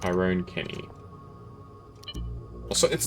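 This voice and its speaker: A man's voice: low voice, expressive, moderate pace, long pauses, a bit bright, soft background music. A man casually commentating his gameplay as a streamer, chatty and laughing often, with keyboard typing close to the mic.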